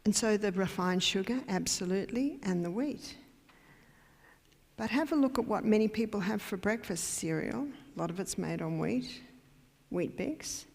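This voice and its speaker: A woman's voice: mid-range voice, normal speed, creaky, darkish tone. An Australian woman giving a health lecture in a church hall, emphatic and quizzing her audience with questions. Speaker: health educator. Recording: long hall reverb.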